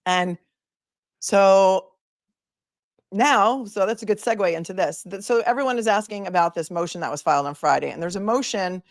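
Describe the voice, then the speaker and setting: A woman attorney hosting a casual legal talk livestream, talking in an animated, emphatic way and stressing her points in lists. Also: medium pitch, moderate pace, dry recording, studio quality. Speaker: attorney and show host.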